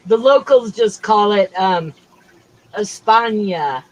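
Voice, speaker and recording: Streaming casually from home, a middle-aged woman wanders from topic to topic in a rambling chat. She speaks at a measured pace in a mid-range voice, and the recording is rough.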